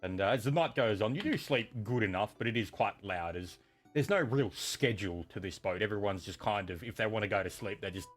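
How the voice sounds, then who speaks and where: A man's voice: lowish voice, lively intonation, a little fast, faint music behind. A man narrating as game master of a tabletop game, rambling with many fillers and restarts.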